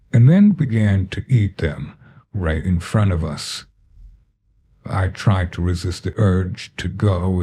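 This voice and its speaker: A man narrating a first-person horror story in a deadpan, measured way. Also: deep voice, husky.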